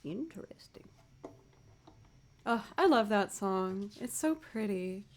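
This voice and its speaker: A woman from Massachusetts hosting a live music stream, chatting casually between songs and telling a story with a laugh. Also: medium pitch. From United States, Massachusetts.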